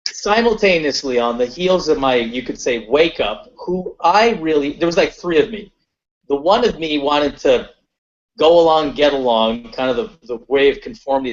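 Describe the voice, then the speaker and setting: A man on a webinar panel telling a personal story in a conversational way, with lots of fillers and restarts. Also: on the high side. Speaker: webinar panelist and corporate consultant. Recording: dull lo-fi webinar audio.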